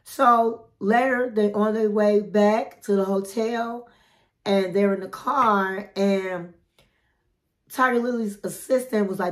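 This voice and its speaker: A woman with a mid-pitched voice giving a chatty, gossipy recap of a reality show. She talks straight to her viewers, calling them honey and queens. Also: fairly even intonation, slow pace.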